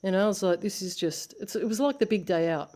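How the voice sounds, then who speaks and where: A woman's voice: medium pitch, animated, fast talker, warm tone. Blunt Australian woman telling stories. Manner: blunt storytelling with swearing and acted-out quotes. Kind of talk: casual chat.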